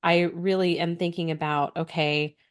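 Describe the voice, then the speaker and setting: A woman's voice: on the low side, fairly even intonation, normal speed. A woman co-hosting a podcast in casual conversation, talking earnestly in long flowing stretches. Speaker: podcast co-host.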